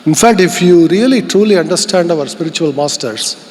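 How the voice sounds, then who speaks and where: A man's voice: fairly high pitch, animated, brisk, a little mellow, a little hiss or hum. Indian man giving a keynote in a reverberant hall. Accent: Indian English. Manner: earnest, reflective, rhetorical questions. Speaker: keynote speaker. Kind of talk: conference keynote speech. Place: large event hall. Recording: long reverb of a large hall.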